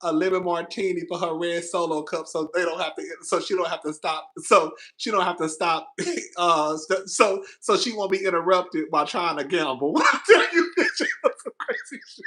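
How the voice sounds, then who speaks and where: Male vlogger, bright and cutting, laughing gossip commentary from home. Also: high voice, brisk. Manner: laughing, animated, profane, repeats himself. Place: apartment.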